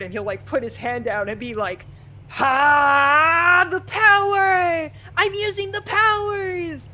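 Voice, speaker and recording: A woman's voice: medium pitch, a bit bright, a little hiss or hum. A woman streamer casually retelling a story in a rambling way, with many fillers.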